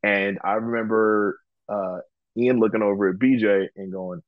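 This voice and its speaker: A man from Georgia, a pro wrestler, telling his story in a relaxed interview, full of ums and acted-out quotes. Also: lowish voice, moderate pace, no room sound, dull audio. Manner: relaxed, chatty, frequent ums, acts out quoted dialogue. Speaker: guest, professional wrestler.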